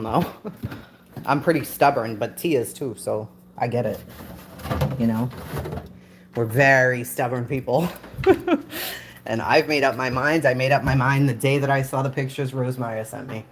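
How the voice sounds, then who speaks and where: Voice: medium pitch, a little hiss or hum. A livestream host in casual commentary, snarky and profane, laughing often.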